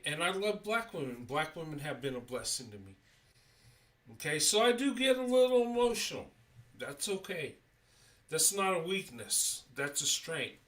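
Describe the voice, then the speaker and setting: A middle-aged man hosting his own live stream, speaking earnestly with halting restarts and frequent checks of "okay?". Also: on the high side, bright, forceful tone, far from the mic. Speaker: YouTube channel host. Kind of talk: livestream monologue.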